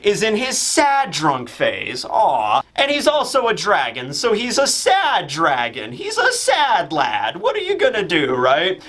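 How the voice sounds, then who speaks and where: A man giving a casual, animated, joking review of a comic chapter, full of fillers. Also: sits high, unhurried, few pauses. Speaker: manga reviewer.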